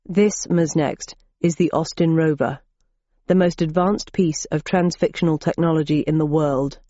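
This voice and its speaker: A woman voicing a calm, self-assured male corporate executive who speaks in a measured, dry way. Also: deep voice, dry recording, muffled recording, lightly acted.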